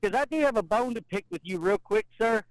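A man with a Southern accent co-hosts a podcast, joking and giggling his way through. His voice is notably high. The sound is dry and close. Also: fairly quick, no echo, low-quality recording. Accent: Southern American. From Tennessee. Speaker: podcast co-host. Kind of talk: casual chat.

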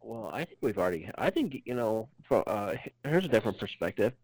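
A man's voice: on the low side, big pitch swings, brisk, a little mellow, no room sound, poor audio. A man from Utah co-hosting a podcast, chatting casually in a laid-back way with plenty of fillers. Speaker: podcast co-host. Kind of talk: casual chat.

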